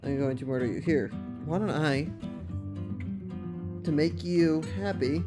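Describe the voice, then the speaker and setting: A man hosting a casual livestream from home, chatting playfully and rambling, and cooing at his dog in a high voice. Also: a little slow, music in the background. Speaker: livestream host.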